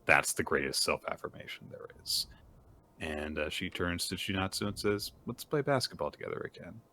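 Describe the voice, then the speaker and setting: A man co-hosting a manga podcast, casually recapping chapters and acting out characters' lines with lively energy. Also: deep voice, moderate pace, a little hiss or hum.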